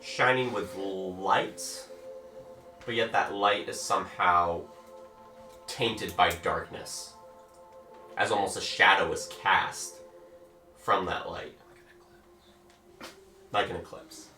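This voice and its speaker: Slow-narrating game master man, far off. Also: deep voice, steady tone, pushed and bright. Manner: slow, drawn-out storytelling. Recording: roomy, far from the mic, music behind.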